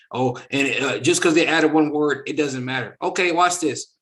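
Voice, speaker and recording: A man's voice: on the high side, normal speed. A man hosting a casual reaction discussion, talking emphatically and acting out quotes. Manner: animated, emphatic, acts out quotes. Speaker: host.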